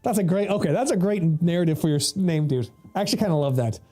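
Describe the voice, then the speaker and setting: A game streamer with a slightly high, mellow voice talks quickly through rambling gameplay commentary. He swears freely and laughs often while faint music plays in the background.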